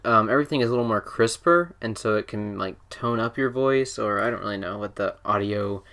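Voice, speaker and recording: A man's voice: lowish voice, a bit bright. A teenage boy hosting a casual podcast chat, rambling and joking with lots of fillers and restarts. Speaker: podcast host.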